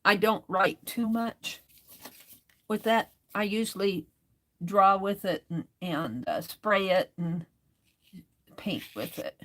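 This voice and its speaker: A woman's voice: mid-range voice, slow pace, long pauses, a bit bright. A woman hosting a crafting livestream, chatting casually and reading viewer comments aloud as she works.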